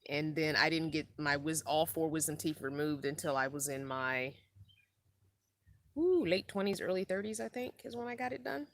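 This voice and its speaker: A middle-aged van-life vlogger, low-voiced with lively intonation, talks at a moderate pace on a casual live stream. Lacking sleep and tired, she rambles in a laid-back manner and reads what viewers comment.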